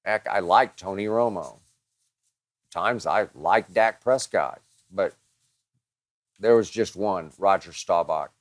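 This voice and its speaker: A man's voice: sits low, takes it slowly, long pauses, no echo, studio quality. A man hosting a show, answering listener questions in a dramatic, emphatic monologue that piles up strong words.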